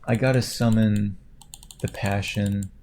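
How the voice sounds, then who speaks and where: A man chatting casually at his computer at home, tired, quiet and rambling, laughing often. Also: fairly low pitch, steady tone, slow pace, slight background noise. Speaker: video creator. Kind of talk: casual chat while clicking at a computer. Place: at home indoors.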